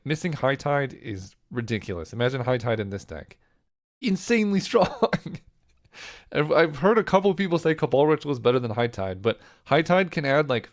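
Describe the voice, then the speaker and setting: A man talks through his choices in a loose, rambling way, stopping to weigh each option out loud. His voice is hoarse and half gone, and the delivery stays casual and conversational at an ordinary pitch. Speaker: card game content creator. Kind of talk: casual thinking-aloud draft commentary.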